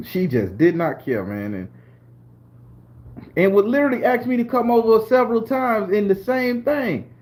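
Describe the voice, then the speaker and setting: During a live-stream storytelling chat, a forty-something man from southern Florida laughs loudly, swears freely, and talks to his chat viewers as he recounts personal stories. He speaks at a moderate pace in a high voice with big swings in pitch.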